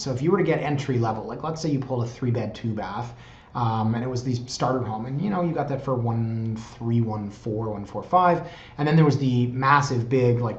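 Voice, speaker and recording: A man in his thirties, a real estate agent chatting enthusiastically about house listings in a casual vlog. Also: mid-range voice. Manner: chatty and enthusiastic, tags lines with "right?". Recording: roomy, slightly dull recording.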